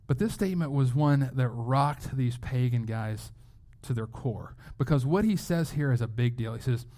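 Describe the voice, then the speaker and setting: Pastor type, man, easygoing sermon delivery, stumbles and repeats words, mid-pitched. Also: moderate pace, few pauses, dark tone. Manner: conversational, with frequent word repeats.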